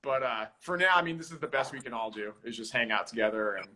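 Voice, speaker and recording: A man guesting on a casual live-stream chat, talking easygoingly with halting restarts. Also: medium pitch, animated, bright, forceful tone, slight background noise. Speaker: guest, drummer. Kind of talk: casual video-call chat.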